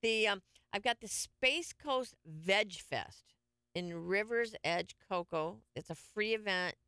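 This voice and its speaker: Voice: medium pitch, pushed and bright, clean tone, no echo, clean studio sound. A radio show host chatting casually on air, rambling and joking at their own expense. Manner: rambling, jokey, self-mocking. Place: radio studio.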